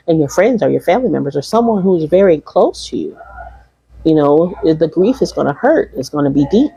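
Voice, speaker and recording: A woman's voice: low voice, vocal fry, mellow, slightly rough, dry recording, rough recording. A woman hosting a podcast in casual, emotional conversation, reading viewer comments aloud. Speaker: podcast host.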